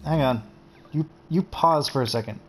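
A man's voice: fairly high pitch, normal speed, noisy background. A man casually commenting on his gameplay, joking, swearing and talking to himself. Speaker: gameplay streamer.

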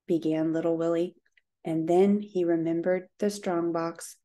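A woman narrating a children's novel aloud in a steady, even storytelling manner. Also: fairly low pitch, unhurried. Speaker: audiobook narrator.

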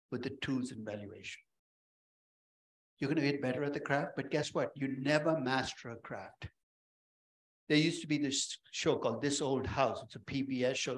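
A man, a university professor, giving a lively, joking lecture in a conversational way. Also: mid-range voice, low-quality recording.

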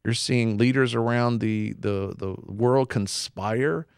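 A man's voice: mid-range voice, slow pace, vocal fry, smooth, no room sound, studio quality. A man hosting a Christian talk show, speaking emphatically like a preacher and repeating points for stress.

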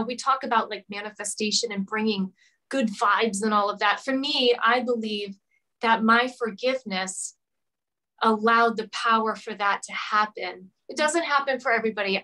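A woman's voice: on the high side, moderate pace, sharp tone, rough recording. A woman from Rhode Island, a podcast guest, earnestly telling a personal story of forgiveness. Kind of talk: emotional personal story in interview.

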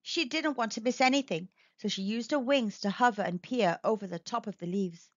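Storyteller, woman, high and animated delivery for young listeners, dry close sound. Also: moderate pace, no echo. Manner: expressive, lilting, gentle. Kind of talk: children's picture-book read-aloud. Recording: dull dry recording.

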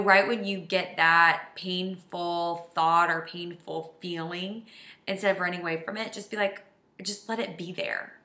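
A woman's voice: mid-range voice, bright, forceful tone, echoey room. A woman life coach giving an earnest, heartfelt and emotional confessional self-help vlog.

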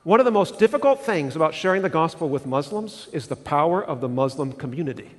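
A male pastor preaching with a high, very lively voice that swoops up and down as he puts questions to the congregation. The sound carries a long reverb from a church sanctuary. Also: fast. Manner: animated, asks the congregation questions. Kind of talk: sermon.

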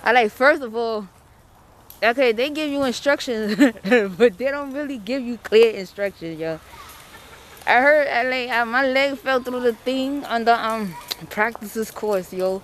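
In this casual self-filmed vlog, a winded woman holds a camera while tackling a treetop ropes course outdoors, laughing, cursing, and exclaiming as she describes how hard it is. She talks a little slowly in a slightly high voice, with a bit of background noise behind her.

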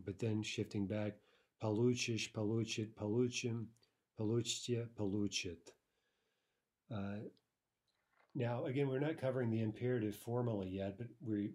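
A man's voice: fairly low pitch, mellow, husky. A man teaching a language lesson, explaining step by step with frequent fillers and "right?" checks. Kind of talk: screen-recorded lesson walkthrough.

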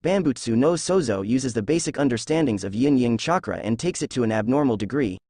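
A man's voice: mid-range voice, animated, brisk, mellow, dry recording, studio quality, natural voice. Grumpy ancient fox spirit, curt and scornful, read by a man. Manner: curt and snappish.

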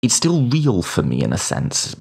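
A man in his thirties with a low, gravelly and husky voice, hosting a solo podcast. His pitch swings widely as he tells a personal story. He sounds reflective and hesitates now and then. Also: huge pitch swings, unhurried, darkish tone. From United Kingdom. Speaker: podcast host.

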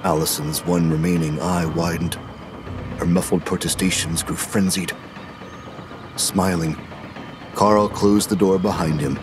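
A man narrating a horror audio drama in a measured, grave manner. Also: deep voice, steady tone, music in the background.

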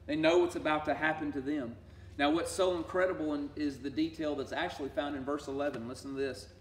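A fairly high-voiced man leads an emphatic sermon-style Bible study, jumping from loud points to quiet asides. He is recorded from a distance in an echoey church sanctuary with a faint hum of room noise. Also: steady tone, quick pace. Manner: emphatic, swings from loud declarations to hushed asides.

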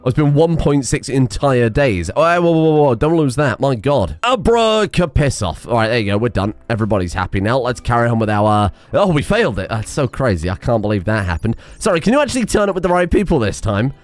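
A man's voice: medium pitch, big pitch swings, fast, hardly any pauses, no echo, soft background music. A man giving casual, sarcastic commentary over his own gameplay, swearing and laughing as he talks. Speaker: gaming video creator.

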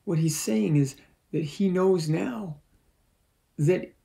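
A man preaching a sermon as lead pastor and reading scripture aloud in a measured, earnest way. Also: sits high, vocal fry, warm tone, low-quality recording. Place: church.

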